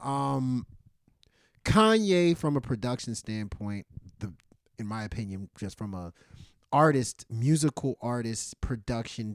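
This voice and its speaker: A man co-hosting a podcast, giving his opinions in animated casual chat. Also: medium pitch, dry recording, studio quality. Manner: animated, opinionated, thinks aloud. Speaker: podcast co-host. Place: podcast studio.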